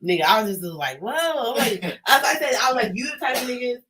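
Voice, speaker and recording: Young man from California, Californian accent, casual storyteller, animated and profane. Bright tone, sits back from the mic. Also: sits high, fast, far from the mic, poor audio. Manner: animated, swears a lot, shouts when riled.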